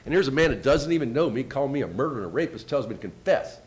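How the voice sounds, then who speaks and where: A man giving a first-person storytelling talk, retelling events with quoted dialogue and lively shifts in pitch and loudness. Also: racing. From United States. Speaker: invited speaker.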